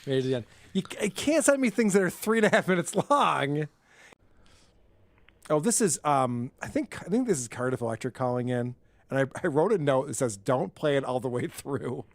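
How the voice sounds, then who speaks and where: Excitable male podcast host, animated and dry-miked. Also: fairly high pitch, moderate pace, no echo. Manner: excitable, laughing, swearing. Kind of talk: casual chat.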